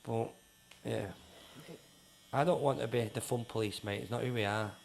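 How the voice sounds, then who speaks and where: A man's voice: medium pitch, fairly even intonation, moderate pace, vocal fry, slight background noise. A man, a neighbourhood patrol founder, talking bluntly and swearing in a casual interview. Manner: blunt, sweary, repeats himself, acts out quotes.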